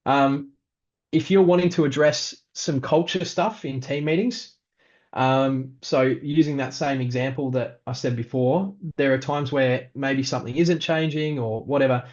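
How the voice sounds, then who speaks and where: A male pastor, giving a practical leadership talk in a relaxed, conversational way with frequent ums. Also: medium pitch, measured pace, lo-fi sound.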